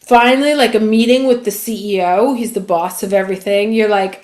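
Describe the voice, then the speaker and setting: A woman's voice: on the high side, moderate pace, few pauses. A woman astrologer giving a chatty, casual monthly horoscope reading that runs through dates.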